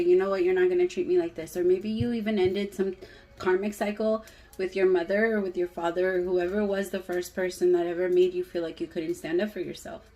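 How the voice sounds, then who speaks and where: A woman's voice: medium pitch, darkish tone, rough recording. A woman doing a casual tarot reading for her viewers, talking straight to them in a candid way and swearing freely. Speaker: tarot reader.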